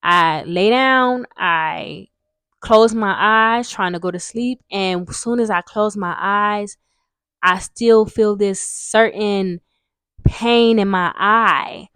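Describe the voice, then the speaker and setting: Young woman, casual storytime vlogger, rambling and frank, swears a lot, mid-pitched voice, dry close sound. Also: takes it slowly, a bit bright, clear, resonant tone, no room sound. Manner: rambling, frank, swears freely, many fillers.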